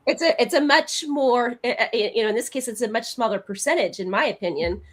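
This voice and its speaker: A woman's voice: fairly high pitch, a little fast. A woman who works as a psychic medium, speaking earnestly in casual podcast chat, full of fillers. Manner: chatty, filler-heavy, earnest. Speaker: psychic medium and paranormal investigator.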